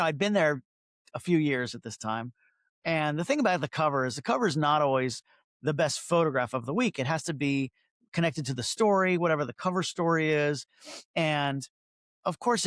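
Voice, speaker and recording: A man's voice: a little high, a bit bright, no room sound. A middle-aged man, a photographer, telling stories in a casual interview, chatty and self-interrupting, acting out quoted dialogue.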